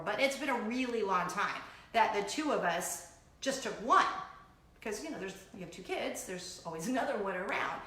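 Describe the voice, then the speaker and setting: A middle-aged woman hosting a casual chat show, talking in a bubbly, gushing way with excited asides. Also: medium pitch, echoey room. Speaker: host.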